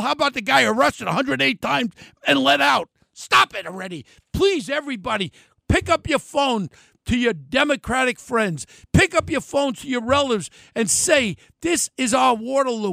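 A man delivers a fierce political rant in a very high, sharp voice. He flares into shouting, then sinks back low. The sound is bright and completely dry. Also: creaky, dry recording. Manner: angry, ranting, bursts into shouting then drops low.

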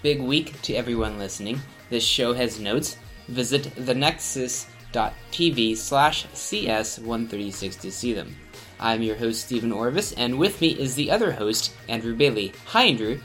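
A man hosting a podcast in casual, relaxed chat, chuckling often. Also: mid-range voice, moderate pace, faint music behind. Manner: relaxed, chuckling, with frequent restarts. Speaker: podcast host.

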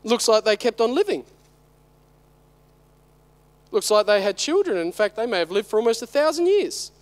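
A man in his thirties delivers a sermon, building his point through emphatic, repeated rhetorical questions. His speaking voice sits unusually high for a man. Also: very animated, normal speed. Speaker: preacher.

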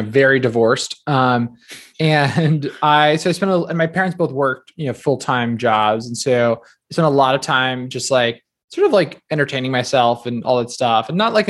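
A man in his thirties from New Jersey, a guest author talking casually in an interview, quick and filler-heavy with a self-deprecating streak. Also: medium pitch, a bit bright.

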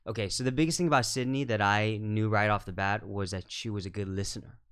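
Man with a smooth, resonant low voice. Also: fairly even intonation, fairly bright tone. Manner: measured, thoughtful, many fillers and restarts. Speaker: film director guest. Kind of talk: casual podcast conversation.

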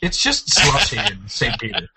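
A man co-hosting a casual podcast, playful and quick to laugh, redoing his intro lines. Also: lowish voice, huge pitch swings, heavy background noise. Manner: laughs often, playful, recording intros with retakes. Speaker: podcast co-host. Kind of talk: casual chat.

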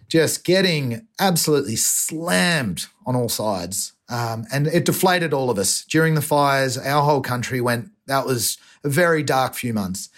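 A man, a guest from Australia, telling a heartfelt story earnestly, with many restarts and a voice that gets emotional. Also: medium pitch.

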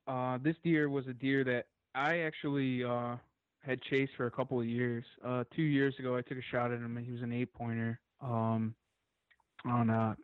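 A man as a podcast guest, telling a long story in an excited, rambling way and swearing freely. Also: mid-range voice, smooth, dry recording, phone-quality sound.

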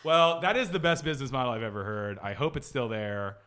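A man hosting a podcast in casual chat, jokey and animated, swearing freely. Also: medium pitch, a little fast. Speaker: podcast host.

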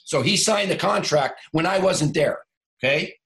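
A man's voice: fairly high pitch, animated, moderate pace, a bit bright. A man in his sixties, a former football coach, telling a story in a casual podcast chat and acting out both sides of a phone call.

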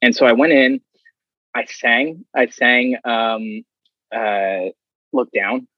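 A man, a guest, telling stories in a casual, animated way and acting out other people's lines. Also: medium pitch, slow pace, no room sound. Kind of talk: casual storytelling. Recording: dull, slightly muffled audio.

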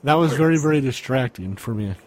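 A man's voice: mid-range voice, animated, fairly quick, darkish tone. A man co-hosting a casual podcast, recapping from notes with hesitant restarts. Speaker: podcast co-host. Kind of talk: casual chat reviewing a wrestling event.

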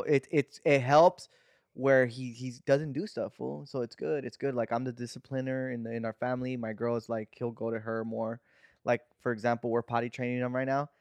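A young man with a Mexican-American accent, co-hosting a podcast and telling stories in a slangy, animated way. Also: medium pitch, smooth, no echo, clean studio sound. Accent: Mexican-American English. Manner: slangy, animated storytelling with acted-out quotes. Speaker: podcast co-host. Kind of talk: casual chat.

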